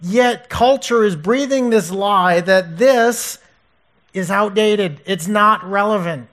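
Male preacher, high voice, earnest, emphatic. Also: takes it slowly, fairly bright tone. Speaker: pastor. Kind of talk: sermon.

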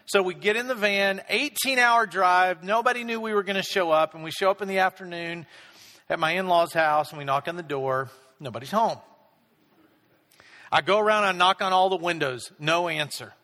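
A man's voice: high voice, normal speed, pushed and bright. A middle-aged man preaching a sermon, telling a self-deprecating family story in a casual, conversational way. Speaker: pastor. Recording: long reverb of a large hall.

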